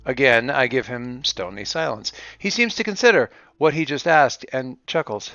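Gravelly man narrating a solo game. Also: medium pitch, animated, normal speed, few pauses, sharp tone, dry recording. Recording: dull lo-fi with faint music.

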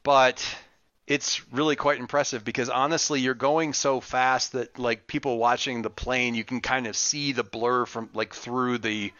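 A man's voice: medium pitch, fairly even intonation, normal speed, bright, forceful tone, no echo. A man narrating as game master of a tabletop game, rambling with many fillers and restarts, over an online voice call. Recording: muffled lo-fi voice chat.

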